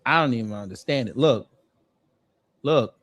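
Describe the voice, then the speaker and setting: A man hosting a commentary video, roasting someone with slangy, deadpan jokes. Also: mid-range voice, normal speed. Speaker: host.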